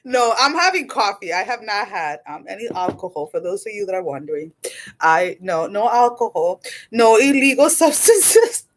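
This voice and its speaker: A woman in her forties doing a casual livestream chat as an intuitive card reader, animated and blunt, laughing often and swearing casually. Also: medium pitch, moderate pace. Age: 40s.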